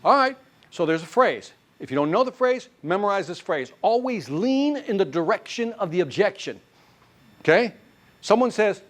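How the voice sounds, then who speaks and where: A man teaching a live sales class, quizzing the room with quick questions as he goes. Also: sits high, very animated. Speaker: sales trainer. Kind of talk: live sales seminar talk. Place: training classroom with a live audience.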